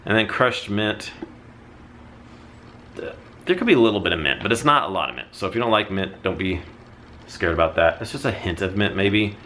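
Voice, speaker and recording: A man's voice: fairly low pitch, animated, moderate pace, pauses often, bright, forceful tone, a little hiss or hum. A man hosting a casual product review vlog, talking in a chatty, rambling way and often correcting himself mid-sentence. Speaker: candle haul vlogger.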